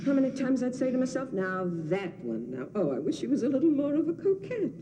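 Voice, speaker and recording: An actress playing an older nurse in a film drama, scolding and doting by turns with a fretful, sing-song lilt. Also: female voice, high-pitched, big pitch swings, brisk, big-room sound, background noise. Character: fussy old nurse, scolding yet doting.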